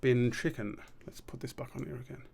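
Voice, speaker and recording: A man's voice: medium pitch, fairly quick, vocal fry, darkish tone, husky. A man streaming a drawing session, rambling and muttering to himself, swearing freely as he works. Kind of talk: casual live-stream commentary while drawing.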